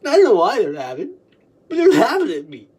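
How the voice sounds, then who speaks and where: A woman reliving a memory aloud, halting and repetitive, coughing between phrases and swinging between laughing and crying. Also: a little high, wildly swooping pitch, a little mellow, husky.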